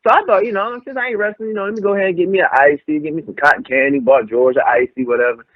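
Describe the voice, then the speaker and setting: A man's voice: sits high, rapid-fire, no room sound. A young adult man, a pro wrestler, telling stories casually and acting out what others said. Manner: animated storyteller, acts out quotes. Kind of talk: casual storytelling interview. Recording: tinny phone-like line, dry.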